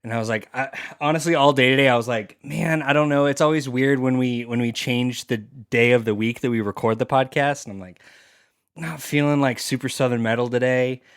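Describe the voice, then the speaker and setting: A man's voice: medium pitch, fairly even intonation, a little fast, clean tone, no room sound, studio quality. Laid-back male podcast host. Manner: loose, laughing, rambling with fillers. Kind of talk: casual podcast chat and read sponsor ad.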